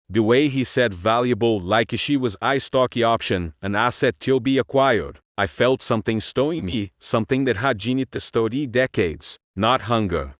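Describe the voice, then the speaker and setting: A man giving a slow, brooding first-person narration of a dark story. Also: mid-range voice, no echo, studio quality.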